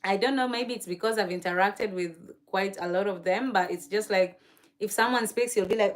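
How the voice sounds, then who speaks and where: A woman's voice: medium pitch, a little fast. Gushing, chatty woman host on a livestream. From Kenya. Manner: chatty, gushing, laughs often, reads viewer comments aloud. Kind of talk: casual live-stream chat.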